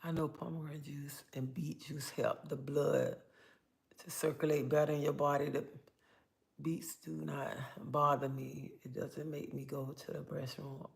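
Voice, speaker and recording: Gravelly older woman chatting on a livestream. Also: deep voice, measured pace. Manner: chatty, animated storytelling with bursts of excitement. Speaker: livestream host. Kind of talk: casual live-stream chat, reading comments aloud.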